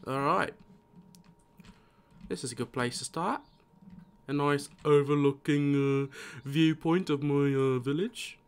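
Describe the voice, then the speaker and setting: A man's voice: a little high, steady tone, takes it slowly, long pauses, clean tone. A tired man streaming a game live, casually rambling and muttering to himself as he plays.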